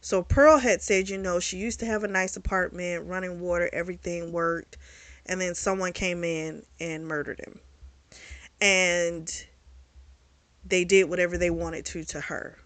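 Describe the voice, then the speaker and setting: Bright, punchy woman chatting through a book plot, lots of you-knows, dry close sound. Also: lowish voice, unhurried, no room sound. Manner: animated retelling full of fillers and swearing. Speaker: book reviewer. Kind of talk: casual spoken book recap.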